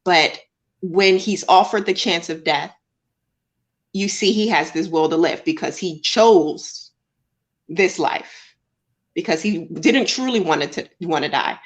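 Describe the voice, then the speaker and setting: A woman's voice: on the low side, slow. A woman co-hosting a casual film review chat, talking in chatty, enthusiastic bursts.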